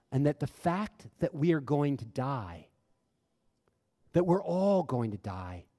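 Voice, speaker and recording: Middle-aged male speaker, fairly high voice, earnest, long reverb of a big hall. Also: a little mellow. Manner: earnest storyteller, repeats phrases for emphasis. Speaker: humanist chaplain speaker. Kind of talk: impassioned public talk. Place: large hall before an audience.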